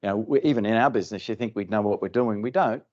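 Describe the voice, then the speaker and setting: A man with a lowish voice gives a talk at a company event. He speaks in a loose, conversational way, restarting phrases and repeating words for emphasis. The recording sounds slightly muffled. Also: fast, darkish tone. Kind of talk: conference presentation. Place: event room.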